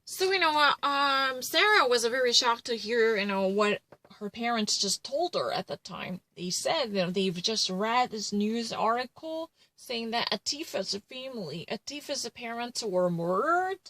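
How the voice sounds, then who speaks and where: A woman's voice: on the high side, lively intonation, unhurried, sharp tone, low-quality recording. A woman retelling a true crime case in casual commentary, rambling and full of fillers and self-corrections.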